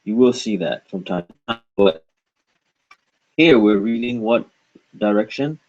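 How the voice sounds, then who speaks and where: A man teaching a patient pronunciation lesson, repeating each word slowly and asking questions to guide the learner. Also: lowish voice, a little mellow, lo-fi sound. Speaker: language teacher.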